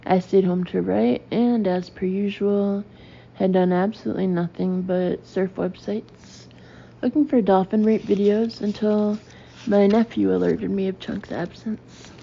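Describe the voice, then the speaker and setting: Gravelly woman reading a comic memoir. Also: medium pitch, fairly even intonation, unhurried, warm tone, muffled recording, slight background noise. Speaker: audiobook narrator. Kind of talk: comic memoir audiobook narration.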